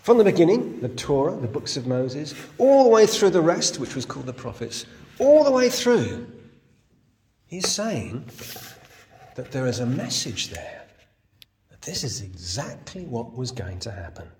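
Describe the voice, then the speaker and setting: A man preaching a sermon. He tells the story in an animated voice that rises and falls widely, and he keeps asking his listeners questions. His pitch sits in an ordinary middle range. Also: measured pace, long reverb tail. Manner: lively, storytelling, rhetorical questions. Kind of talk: sermon, Bible exposition.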